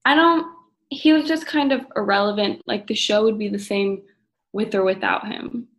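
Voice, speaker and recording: A young woman guesting on a casual podcast, agreeable and quick to laugh, peppering her talk with "like" and "literally". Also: medium pitch. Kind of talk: casual chat.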